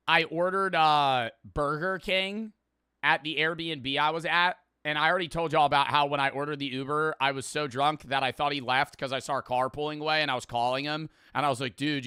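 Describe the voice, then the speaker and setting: A man's voice: on the high side, fairly even intonation, moderate pace, sharp tone, smooth, no echo, clean studio sound. A man in his twenties, a streamer casually reacting to clips, rambling, swearing and laughing as he tells stories.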